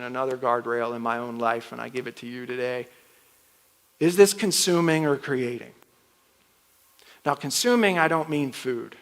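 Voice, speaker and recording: A middle-aged man preaching a sermon as a pastor, talking conversationally and acting out little exchanges from home. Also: mid-range voice. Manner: conversational, animated, acts out home dialogue. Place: church auditorium. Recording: long hall reverb.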